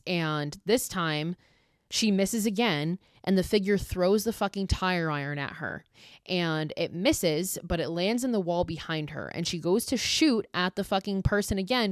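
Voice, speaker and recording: This is a woman telling a horror movie's plot on her podcast in a loose, chatty way, heavy on the swearing and snark. Her voice sits a little low for a woman. The sound is dry and close, with no room around it. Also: no room sound. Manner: profane, sarcastic, gossipy retelling. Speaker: podcast host. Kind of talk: casual movie recap.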